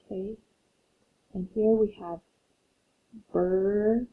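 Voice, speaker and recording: A woman's voice: medium pitch, lively intonation, slightly rough. A woman teacher giving a phonics lesson to children, patiently reading a story aloud and explaining syllables. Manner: slow, patient, reads aloud to young learners. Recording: tinny phone-like audio.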